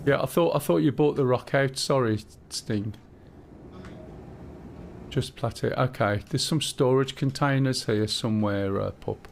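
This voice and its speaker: A man's voice: medium pitch, unhurried, vocal fry, slight background noise. A man streaming a game, chatting casually and talking a teammate through the controls, thinking aloud with fillers as he goes. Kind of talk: casual gameplay chat.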